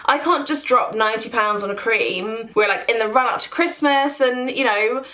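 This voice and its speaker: A woman's voice: a little high, normal speed, bright, forceful tone. A young woman giving an enthusiastic, chatty skincare review to camera as a beauty vlogger. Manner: chatty, enthusiastic, filler-heavy.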